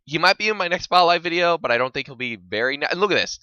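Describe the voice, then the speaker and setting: A man's voice: fairly high pitch, expressive, fast, bright, forceful tone, clean tone, no room sound, lo-fi sound. A man giving rambling, exasperated, self-mocking commentary over his own gameplay footage. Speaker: gaming channel host.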